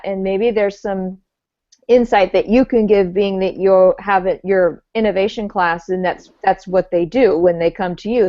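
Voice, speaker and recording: A woman with a mid-pitched voice talks earnestly and rambles through her points with fillers and restarts. The recording is dry and close, with the dull, narrow sound of a video call. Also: a little mellow, no room sound. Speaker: elementary teacher and discussion host. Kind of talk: casual video call discussion.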